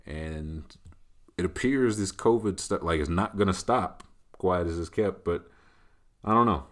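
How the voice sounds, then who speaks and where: A man's voice: low voice, a little slow, fairly bright tone. A man hosting a casual solo chat, answering listener questions in a loose, rambling way. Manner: loose, rambling, conversational, leaning on filler tags. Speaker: host.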